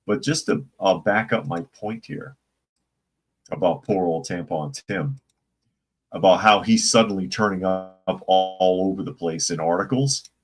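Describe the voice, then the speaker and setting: A man's voice: low-pitched, lively intonation, unhurried, faint music behind. A man hosting a casual live-stream commentary show, opinionated and rambling, reading viewer chat comments aloud. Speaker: political commentary channel host.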